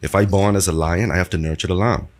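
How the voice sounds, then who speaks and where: A man speaking as a podcast guest in a measured, reflective way. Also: low voice, fairly even intonation. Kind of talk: casual podcast conversation.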